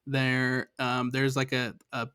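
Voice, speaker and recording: Relaxed man on a dry close mic. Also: medium pitch, slow pace, clear, resonant tone, no echo. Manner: relaxed, hesitant, many fillers. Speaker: guest from a fan show. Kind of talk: casual podcast conversation.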